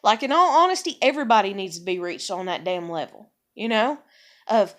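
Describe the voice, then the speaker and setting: A middle-aged woman with a high-pitched voice ranting bluntly and profanely to camera. She talks casually and heatedly, acting out quoted exchanges as she vents about being taken for granted. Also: expressive, a little fast. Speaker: parent venting about relationships. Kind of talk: casual vlog rant.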